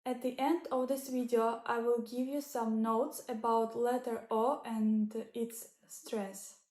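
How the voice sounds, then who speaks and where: A woman whose first language is Russian gives a slow, deliberate language lesson in English. Her voice sits a little high, and she carefully sounds out each letter and example word. The recording has a noticeable echo, as if made in a bare room. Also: little pitch movement, mellow. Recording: echoey room.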